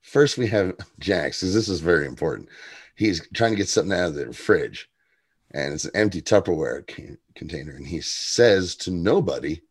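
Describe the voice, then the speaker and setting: A man co-hosting a podcast chats casually while recapping a TV episode, acting out its lines. He's animated, quotes characters in put-on voices, and laughs often, with a low, husky voice at normal speed.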